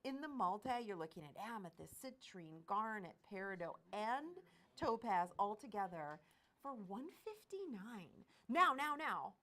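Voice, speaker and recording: A bubbly woman hosting a live jewelry sale, with a voice of ordinary middle pitch. She keeps a lively sales patter and laughs easily between product details. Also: a little slow. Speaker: shopping channel host. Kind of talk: live shopping-stream chat.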